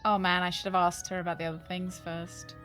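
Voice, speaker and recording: A woman's voice: lowish voice, little pitch movement, brisk, music in the background. A woman streamer giving casual gameplay commentary, playful and sarcastic as she chats with viewers.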